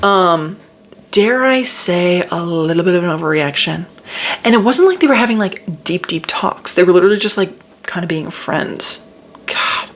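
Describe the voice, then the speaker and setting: A woman's voice: lowish voice, animated, moderate pace, a little hiss or hum. A woman reviewing a book in a casual, sarcastic and exasperated way, reading quotes aloud and picking them apart.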